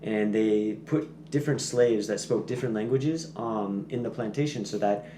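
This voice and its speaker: A man's voice: fairly low pitch, normal speed, dark tone. Guy on a podcast rambling through a long explanation, lots of ums and restarts, echoey room with a bit of hiss. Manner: chatty, explains at length with many fillers and restarts. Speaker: podcast guest back from Peace Corps service. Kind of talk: casual podcast chat. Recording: echoey room with faint noise.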